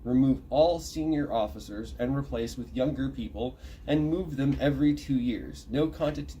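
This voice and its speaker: A man's voice: medium pitch, moderate pace, mellow, slight background noise. A man reading a list aloud from an online thread, breaking off to comment, look terms up and correct himself. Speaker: channel host reading a thread.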